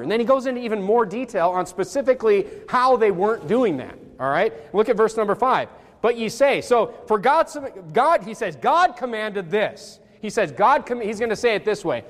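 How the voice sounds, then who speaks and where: A high-pitched man preaches in a loose, conversational way, leaning on fillers and voicing each quoted line with gusto. His voice rings out with a long reverb tail, as if filling a large hall. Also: normal speed. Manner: animated, acts out quotes, frequent fillers. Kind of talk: casual Bible-study sermon.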